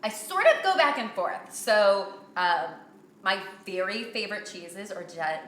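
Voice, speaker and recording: A Canadian woman in her thirties hosts a live cooking show, answering viewer questions in a chatty, upbeat way. Her voice is bright and forward. The home kitchen around her gives it a roomy echo. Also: medium pitch, expressive, a little slow.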